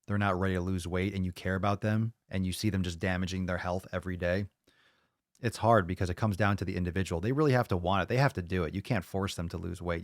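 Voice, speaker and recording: A man's voice: low voice, dry recording, studio quality. Blunt, cursing male podcast host. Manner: blunt, profane, ranting. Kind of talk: casual podcast chat.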